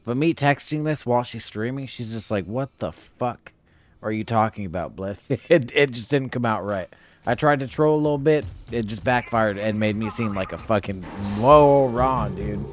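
While streaming a horror game, a young man from California talks casually with his audience, swearing freely and using plenty of slang. He speaks at a medium pitch and a moderate pace.

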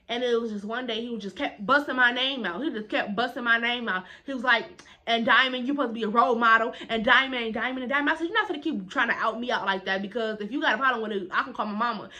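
A young woman recounts a story in a casual vlog, emphatic and full of indignant back-and-forth. Her voice sits a little high and sounds bright and forceful, and she rattles along at a quick pace. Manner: animated, emphatic, quick retorts with rising indignation.

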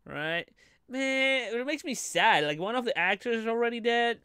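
A man live-streaming his reaction to a trailer, animated and profane, laughing often. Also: extremely high pitch, normal speed, clear, resonant tone, no echo, clean studio sound.

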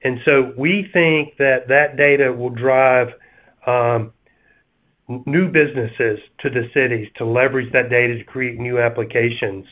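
A man with a Southern US accent, speaking as a panelist in a webinar discussion, halting and full of fillers and restarts. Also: mid-range voice, fairly even intonation, fairly bright tone, rough recording.

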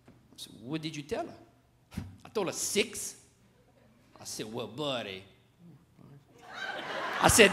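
A man's voice: high voice, big pitch swings, a little slow, pauses often, bright, forceful tone, a little hiss or hum. A middle-aged man with a Louisiana Cajun accent, telling folksy stand-up stories about his kids in a drawling, dialect-rich way. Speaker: stand-up comedian. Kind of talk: stand-up storytelling. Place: comedy stage before a live audience.

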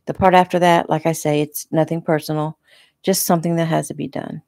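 A woman reading the part of a menacing male attacker who speaks calmly and quietly in an audiobook. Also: sits low, a little fast, creaky, no echo, studio quality. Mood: cold coaxing. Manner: calm, coaxing, quietly threatening. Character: menacing male attacker, soft-spoken and cold.

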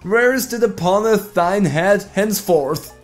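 A man's voice: high voice, slow pace, soft background music, voice pushed up. A man voicing a pompous game quest giver who speaks in a grandiose, fake old-fashioned way. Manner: grandiose, archaic phrasing.

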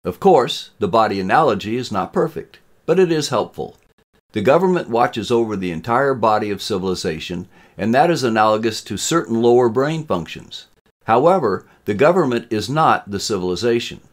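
A man doing Mister Estois, resonant robot teacher. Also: very animated. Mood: lecturing. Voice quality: resonant baritone. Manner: measured, lecturing. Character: calm robot male classroom instructor.

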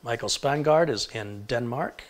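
A man of average pitch hosts a live tech stream, rattling off the towns and countries his viewers are watching from. He moves briskly down the list and stumbles now and then over an unfamiliar name. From Michigan. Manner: reads out place names briskly, stumbles over pronunciations. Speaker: tech livestream host. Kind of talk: live stream, reading viewer shout-outs.

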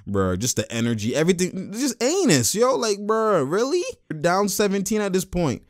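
A man giving a casual, excitable breakdown of basketball game footage, with lots of slang and exclamations. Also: sits high, normal speed, no room sound, studio quality. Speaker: basketball commentator.

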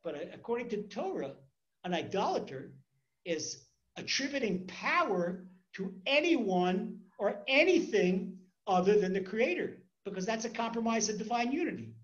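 A man's voice: high-pitched, big pitch swings, normal speed, highs cut off. A man, a rabbi, teaching a Torah class in a conversational way, repeating words as he tells stories.

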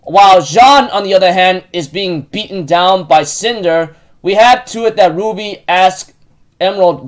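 A man casually recapping a show episode, halting often with fillers and restarts. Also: high voice. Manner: repeats stock phrases while retelling.

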